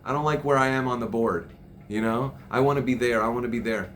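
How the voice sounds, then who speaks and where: A man's voice: mid-range voice, brisk, fairly bright tone. Passionate man raising his voice. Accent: Jewish Orthodox Hebrew and Yiddish terms. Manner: passionate, raises his voice, repeats himself. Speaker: podcast host. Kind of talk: casual chat. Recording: faint background noise.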